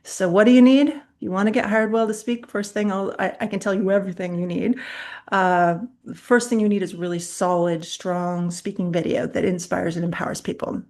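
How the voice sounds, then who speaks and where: A middle-aged woman, a public speaking coach, teaching an online master class in a chatty, animated way, often laughing mid-sentence as she tells stories. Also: mid-range voice, moderate pace. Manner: chatty, direct, addresses viewers.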